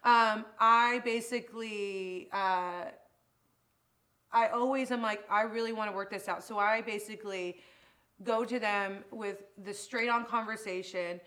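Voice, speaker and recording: A woman's voice: mid-range voice, fairly even intonation, unhurried, a bit bright. A woman who owns a salon, talking as a guest in a casual chat; emotional and rambling, often restarting her sentences.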